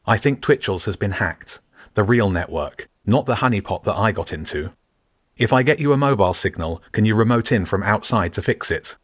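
A man's voice: on the low side, expressive, moderate pace, no echo, clean studio sound. A man voicing a resourceful teenage boy who talks in an urgent, insistent way. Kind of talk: audiobook character voice.

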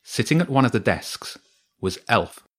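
A man calmly reading a children's story aloud as narrator. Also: medium pitch, unhurried, husky. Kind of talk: scripted narration.

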